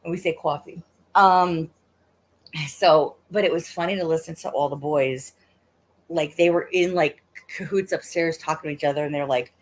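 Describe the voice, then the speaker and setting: A woman's voice: on the low side, normal speed. A middle-aged woman casually telling a rambling story on a livestream, full of fillers and laughs. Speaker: livestream host.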